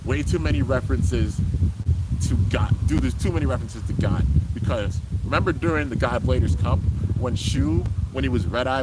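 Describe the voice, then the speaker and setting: A man giving casual, excited live commentary on a cartoon episode, describing what happens on screen and calling people "dude". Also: mid-range voice, heavy background noise. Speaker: anime reaction YouTuber.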